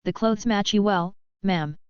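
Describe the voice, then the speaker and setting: A relaxed, wry male professor who likes to tease as a woman narrator reads him, in a very smooth, clear voice. The recording sounds dull and dry. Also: mid-range voice, measured pace, no room sound, natural voice. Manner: easy and wry. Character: easygoing, teasing male professor.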